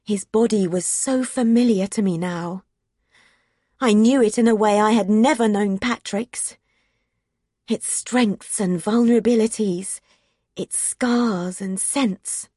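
A woman's voice: mid-range voice, dark tone, slightly rough, no room sound, studio quality. A woman narrating a first-person novel, reading in an intimate, emotional way. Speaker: audiobook narrator.

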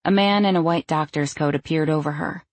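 Low, gravelly woman narrating slowly. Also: no room sound. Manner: measured storytelling. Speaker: audiobook narrator. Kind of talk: scripted narration.

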